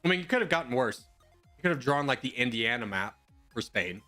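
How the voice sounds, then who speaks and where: A man's voice: medium pitch, lively intonation, brisk, sharp tone, faint music behind. A young man streaming from home, rambling and joking as he answers viewers' questions in casual chat.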